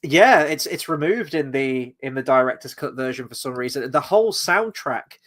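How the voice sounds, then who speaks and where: A man hosting a relaxed film review conversation in an ordinary mid-range voice. He talks in an easygoing, rambling way, filling gaps with "you know" and "whatnot". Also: medium pitch, moderate pace. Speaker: host. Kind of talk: casual film review chat.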